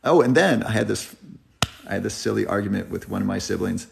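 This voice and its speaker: A health channel host in his thirties runs a live Q&A chat from his car while driving, speaking earnestly and reflectively and tearing up at times. His fairly low voice is fast and creaky with lively intonation, and there's a little hiss or hum.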